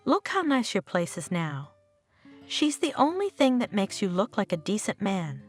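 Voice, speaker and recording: A woman's voice: mid-range voice, big pitch swings, moderate pace, faint music behind. A woman reading the part of a pushy, meddling older mother who nags her son. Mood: reproachful. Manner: insistent, nagging.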